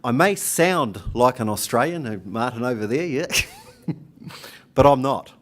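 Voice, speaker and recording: A man with a New Zealand accent gives a speech at a conference, joking with the crowd and having them repeat phrases after him. His voice sits at an ordinary middle pitch. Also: lively intonation, unhurried. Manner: jokey, leads the audience in call-and-response. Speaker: union speaker. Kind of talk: conference speech with audience participation. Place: conference hall.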